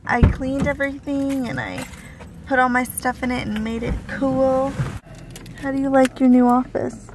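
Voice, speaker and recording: A young woman in her twenties vlogs her day at home and in the car, her high, expressive voice moving at a moderate pace over background noise. She's casual, giggly and teasing.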